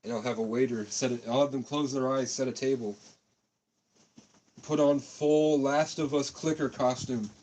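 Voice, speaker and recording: A man's voice: mid-range voice, steady tone, moderate pace, a little mellow, slight background noise, poor audio. A man doing a crude, absurd improvised livestream outdoors on a street, cold and coughing from cigarettes. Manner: absurd, silly, crude banter. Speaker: comedian livestreaming.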